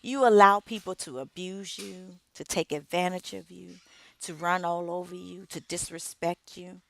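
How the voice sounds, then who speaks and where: A middle-aged woman, an author and radio co-host, giving an inspirational speech with emphatic, measured phrasing and dramatic pauses. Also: on the low side, fairly even intonation, vocal fry, slight background noise.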